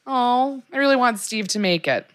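A woman's voice: a little high, animated, normal speed, a bit bright, dry recording, clean studio sound. A woman co-host reacting with short casual interjections. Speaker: podcast co-host. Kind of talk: casual chat.

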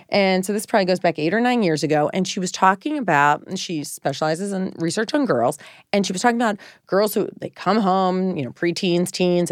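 A woman's voice: lowish voice, no room sound, clean studio sound. A middle-aged woman co-hosting a podcast, chatting casually and acting out quotes as she tells parenting stories. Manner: animated storytelling, acts out quotes. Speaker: podcast co-host. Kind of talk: casual chat.

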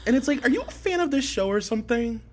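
A woman's voice: a little high, animated, fast talker, a little mellow. A woman chatting casually on a podcast, reacting with laughs and teasing comments. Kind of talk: casual chat.

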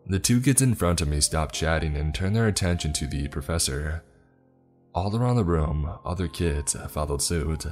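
A man narrating a scripted first-person story in a steady, even way. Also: rumbling low, normal speed, faint music behind.

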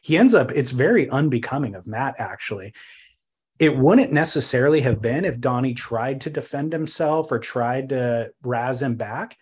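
Animated man co-hosting a chat podcast. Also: mid-range voice, normal speed, breathy edge. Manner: animated, thoughtful storytelling with sudden bursts of laughter-tinged emphasis. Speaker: podcast co-host.

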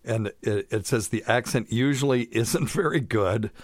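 A man's voice: medium pitch, moderate pace, no echo, studio quality. A middle-aged man co-hosting a casual medical podcast, chatty and jokey as he reads from his notes. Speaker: podcast co-host, doctor.

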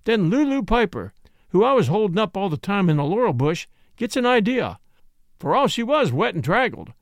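A man's voice: high-pitched, very animated, normal speed, no room sound. A man telling it as a folksy frontier yarn-spinner. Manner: drawling backwoods dialect.

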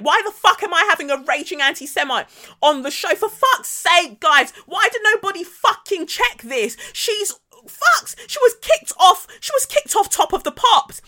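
A shrill, swearing female presenter loses her temper in a high, piercing rant, as a woman mimics her. The voice sits well above the mimic's own and comes out loud and sharp. Every line lands as frantic exasperation. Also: heavily acted.

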